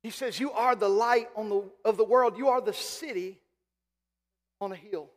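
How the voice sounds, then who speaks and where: A male pastor preaching a sermon. He is emphatic, slows right down to stretch key phrases, and then drops to a quieter, conversational tone. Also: sits high. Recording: long reverb of a large hall.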